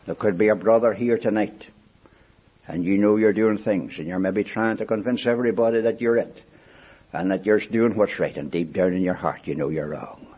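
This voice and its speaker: An older man preaching a sermon in an earnest, pleading way, swinging from soft asides to raised appeals. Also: moderate pace, breathy edge. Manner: earnest, pleading, rises and falls in pitch and loudness. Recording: dull lo-fi recording.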